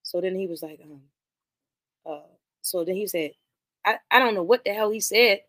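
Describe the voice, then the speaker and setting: A woman hosting a podcast, casually retelling and reviewing a film in animated, slangy speech full of profanity. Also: mid-range voice, moderate pace, no echo. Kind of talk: casual movie commentary.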